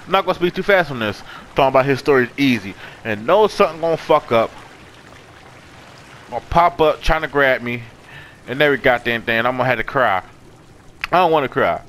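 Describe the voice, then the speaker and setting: A man commentating a horror game, excitable and profane, yelling and gasping at each scare. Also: mid-range voice, fairly quick, pauses often, a little hiss or hum. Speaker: gaming YouTuber. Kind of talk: horror let's play commentary.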